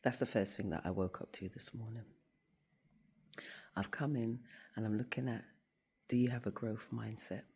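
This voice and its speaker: A woman with a rumbling low, breathy voice speaks at a moderate pace with long pauses. She is a school staff member and faith vlogger, sitting in her office and giving a casual motivational talk to camera. She tells a story animatedly and acts out the voices of the people in it.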